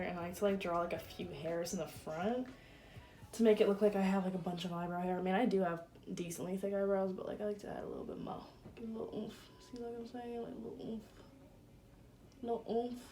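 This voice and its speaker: Young woman vlogger at home, loose, salty, filler-heavy makeup chatter, soft music underneath. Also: medium pitch. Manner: chatty, crude, fillers of "like" everywhere. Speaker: beauty vlogger. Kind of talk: casual get-ready-with-me chat. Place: room at home.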